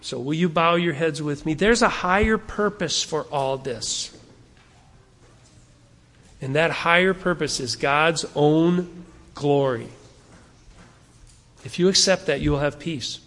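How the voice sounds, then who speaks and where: A fairly high-voiced male pastor preaches in a reverberant church hall, his voice carrying with a long tail of echo. He talks earnestly and conversationally, acting out the arguments people raise. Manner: softens and slows into prayer at the close. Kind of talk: sermon.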